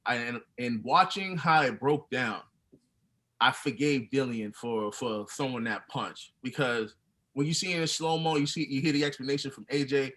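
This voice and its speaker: A man's voice: mid-range voice, normal speed, a bit bright, poor audio. A man co-hosting a boxing podcast, chatting casually with loose slang and frequent laughs. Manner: laid-back, loose slang, laughs often. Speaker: podcast co-host. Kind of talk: casual chat reacting to a documentary.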